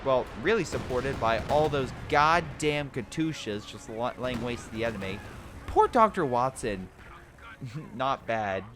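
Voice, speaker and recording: A man commentating a strategy game replay, excitable, laughing and giving units joking voices. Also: medium pitch, a little slow. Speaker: game caster. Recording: game noise behind the voice. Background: artillery and gunfire game sounds.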